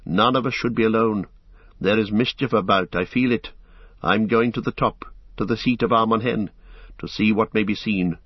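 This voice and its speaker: A man's voice: lowish voice, normal speed, breathy edge, dry recording, muffled recording. A man reading aloud, voicing a stern, commanding male ranger leader in a grave manner.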